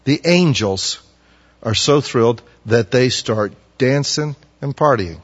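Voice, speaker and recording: A man preaching a sermon, acting out the prophets he quotes in loud, pleading bursts. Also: mid-range voice, takes it slowly, slightly rough. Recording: muffled audio with long hall reverb.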